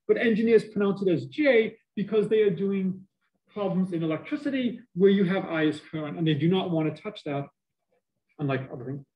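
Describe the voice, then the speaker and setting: A middle-aged man with a Boston accent giving a university math lecture, animated and joking with students, his voice muffled by a face mask. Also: high-pitched. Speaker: math professor.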